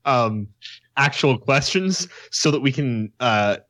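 A man's voice: medium pitch, expressive, takes it slowly, fairly bright tone. A man co-hosting a casual group podcast, rambling a bit as he reads out audience questions. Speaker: podcast co-host.

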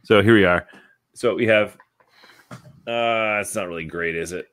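A father in relaxed podcast chat who swears casually. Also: on the low side, measured pace, no echo. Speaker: podcast co-host.

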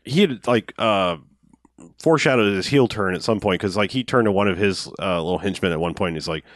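Low-voiced man, loose profane chat. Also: brisk, no room sound, studio quality. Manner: loose and profane, acts out quoted lines. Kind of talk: casual movie recap chat.

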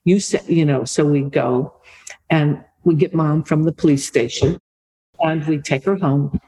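A middle-aged woman, an author and podcast guest, telling a family story in a lively conversational way. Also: sits low, a little slow, slightly rough, low-quality recording. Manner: lively anecdotal storytelling, repeats for emphasis.

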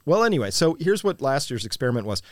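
A man hosting a live chat, telling rambling farm stories with quick asides. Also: mid-range voice, sing-song, no echo. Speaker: host. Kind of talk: casual livestream chat.

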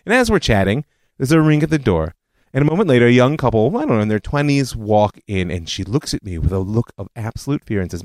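A man hosting a history podcast, telling it as a scripted lecture with animated storytelling and personal asides. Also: on the low side, no room sound.

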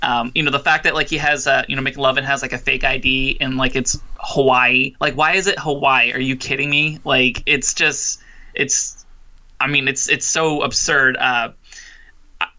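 A man's voice: mid-range voice, flat delivery, moderate pace, bright, forceful tone. A man co-hosting a casual film podcast, rambling with constant "like" fillers and restarts. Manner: rambling, heavy use of filler "like". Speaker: podcast co-host.

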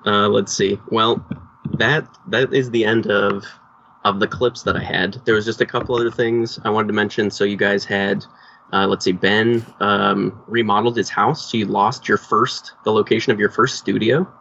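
A low, gravelly man with a sharp, bright edge co-hosts a casual podcast. He teases his co-hosts in a dry manner. The recording sounds dull and lo-fi. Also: fairly even intonation, normal speed, slight background noise. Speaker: podcast co-host. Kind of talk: casual chat.

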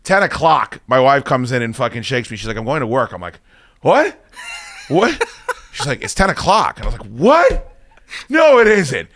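A man's voice: mid-range voice, animated, fast talker, pushed and bright, no room sound, studio quality. Rambling, foul-mouthed man telling stories. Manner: rambling, swears constantly, self-deprecating. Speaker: podcast host. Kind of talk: casual profane storytelling.

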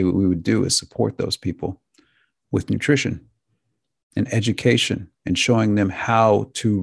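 A deep-voiced man with a gravelly, husky edge speaks to his listeners in an earnest, emotional monologue. He stumbles and restarts often, and the recording sounds close and dry. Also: dry recording. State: tearing up. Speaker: podcast host.

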